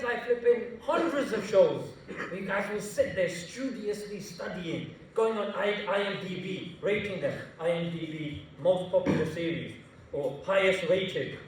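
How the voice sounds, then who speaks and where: Man, animated jokey talk, high voice, very echoey hall, mic far off. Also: normal speed, a little hiss or hum. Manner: animated, jokey, slangy storytelling. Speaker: invited speaker. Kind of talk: public talk to students. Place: large university hall.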